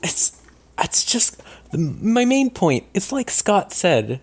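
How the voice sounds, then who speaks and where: A woman's voice: lowish voice, big pitch swings, slow, slightly rough. A woman co-hosting a casual panel discussion, blunt and profane. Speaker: podcast co-host.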